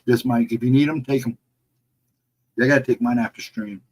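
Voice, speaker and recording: A middle-aged man hosting a casual livestream, reading the chat and answering viewers in a relaxed, reassuring way. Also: mid-range voice, a little fast, low-quality recording. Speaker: livestream host.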